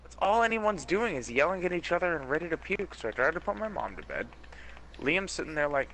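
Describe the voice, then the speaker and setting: A young man chatting casually on a gaming stream, telling an animated story about a family argument. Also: on the high side, fairly quick, slight background noise, rough recording.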